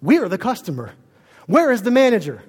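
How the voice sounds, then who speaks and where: A man voicing an entitled woman shopper who complains loudly about poor service. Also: very high voice, lively intonation, slow, pitched above the performer's own voice, full character voice. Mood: indignant.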